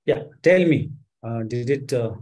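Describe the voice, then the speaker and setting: A man leading a live-streamed stress management workshop, talking with many fillers and gently coaxing his viewers. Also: mid-range voice, measured pace, rough recording. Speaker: workshop instructor.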